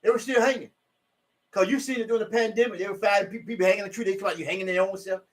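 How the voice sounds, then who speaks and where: A man preaching informally from scripture in a loose, repetitive way, rising to emphatic shouts when he reads the verses. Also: high voice, fairly even intonation, very fast. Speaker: self-styled preacher.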